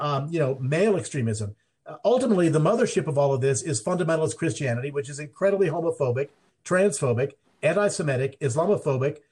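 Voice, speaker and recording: Here an interview guest in the Mountain Time Zone speaks in a fairly high, husky, slightly mellow voice. His conversational answers ramble, full of fillers and restarts.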